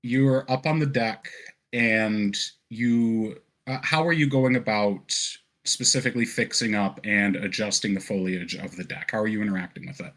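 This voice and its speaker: As game master, a man narrates a tabletop game in a relaxed, descriptive way, often using fillers and laughing. His voice is lowish and his pace moderate.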